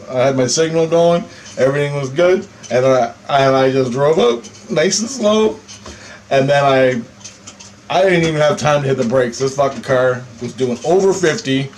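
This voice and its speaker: A man telling a personal story in a casual monologue, animated and profane, chuckling between lines. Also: fairly high pitch, normal speed, a little hiss or hum, poor audio. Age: adult.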